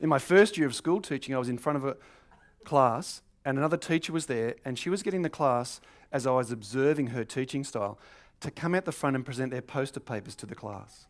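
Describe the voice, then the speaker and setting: A middle-aged Australian man, a stand-up comedian, telling a true funny story in a lively, animated way. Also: medium pitch, fairly quick. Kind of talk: comic storytelling.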